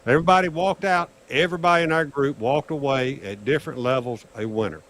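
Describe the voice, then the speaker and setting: Older male storyteller, casual and animated, voices the other people in his tale. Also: quick pace, a little hiss or hum. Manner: animated, acts out dialogue with raised pitch. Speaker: guest storyteller on craps livestream.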